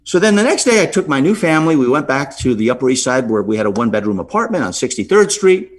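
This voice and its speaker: A middle-aged man, a podcast guest, telling a story with lively swings in pitch and frequent "right?" asides. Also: fast.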